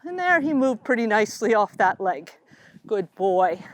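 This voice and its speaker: A middle-aged woman riding instructor explaining calmly while riding, talking to her horse now and then. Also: a little high, fairly quick. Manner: calm, coaching, talks to the horse between explanations. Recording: noisy outdoor recording.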